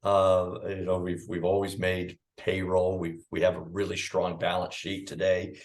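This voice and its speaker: A man's voice: deep voice, completely flat delivery, moderate pace. A middle-aged man, a firm founder as podcast guest, telling stories casually with many restarts and fillers. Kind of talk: conversational storytelling.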